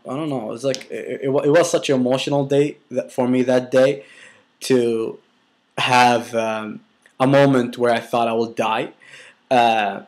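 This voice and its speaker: A young man casually telling a personal story, rambling with many restarts and filler words, and swearing bluntly. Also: mid-range voice.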